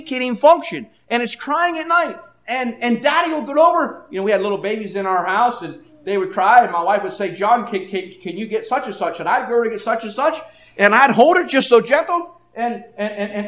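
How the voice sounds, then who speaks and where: High-voiced older preacher, echoey room. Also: male voice. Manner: swings between hushed and loud, halting repeats. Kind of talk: sermon.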